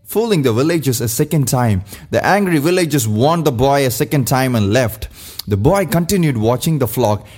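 A man narrating a children's fable in a steady, expressive storybook reading. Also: medium pitch, moderate pace, slightly rough, faint music behind.

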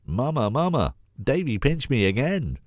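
A man with a cold voicing a tearful little girl, high and pleading. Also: big pitch swings, moderate pace, no echo, studio quality. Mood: sobbing. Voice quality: cold-roughened deep voice. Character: upset little girl Sophie.

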